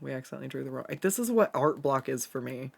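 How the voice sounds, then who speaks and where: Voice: mid-range voice, expressive, fast talker, vocal fry, darkish tone. A streamer from the Pacific Northwest chatting casually while drawing and reading chat aloud, swearing freely and laughing often.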